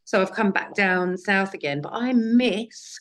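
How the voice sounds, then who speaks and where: Woman, actress and singer, radio guest, chatty, animated, laughs easily. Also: mid-range voice, measured pace. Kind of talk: casual radio interview chat.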